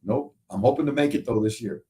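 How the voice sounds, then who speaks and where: A male show host telling lively stories in casual chat, often tagging lines with "right?". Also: medium pitch, fairly quick, distant mic. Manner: animated storyteller, frequent "right?". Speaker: show host, football analyst.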